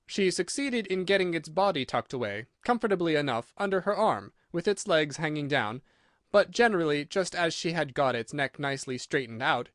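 A man reading a children's audiobook with an expressive, animated delivery. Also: fairly high pitch, dry recording, clean studio sound. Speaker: audiobook narrator. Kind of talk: audiobook narration.

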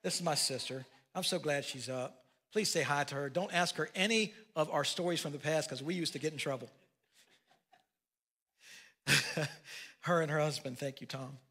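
A man's voice: on the high side, moderate pace, pauses often, sharp tone, slightly rough. An older man preaching a sermon as pastor, telling folksy family stories with asides. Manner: folksy storytelling with laughs and asides.

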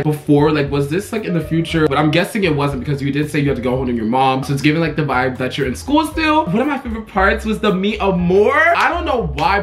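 A young man on a video channel, reading fan fiction aloud in a dramatic way and reacting, with plenty of fillers. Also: high-pitched. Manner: animated, dramatic, filler-heavy.

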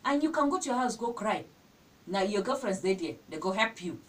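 A young woman with a Nigerian accent, giving scolding, animated advice in a vlog. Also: fairly quick. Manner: animated, scolding, full of exclamations. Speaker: vlogger. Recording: distant mic with faint rumble.

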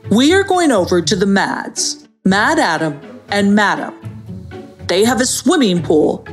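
A woman's voice: medium pitch, very animated, measured pace, soft background music. A woman voicing a stubborn little male Goop creature who hates parties, speaking bluntly. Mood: matter-of-fact.

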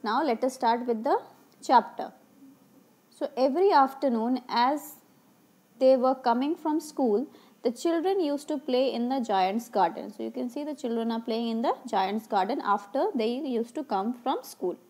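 A woman's voice: a little high, moderate pace, warm tone. Woman teacher explaining a story. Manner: reads a passage aloud, then paraphrases it simply with questions and fillers. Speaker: school English teacher. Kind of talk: classroom reading and explanation of a story.

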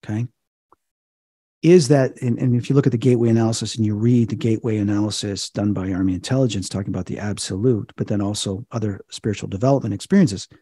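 Husky, mellow-voiced man telling stories. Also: fairly low pitch, dry recording, studio quality. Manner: acts out quoted voices, excited. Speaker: psychic medium and TV host. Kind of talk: animated storytelling interview.

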